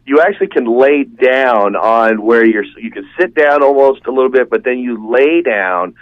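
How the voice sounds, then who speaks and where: A man's voice: medium pitch, normal speed, dry recording. A man telling a long, rambling, enthusiastic story as a guest in a casual podcast chat. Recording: dull, dry, lo-fi sound.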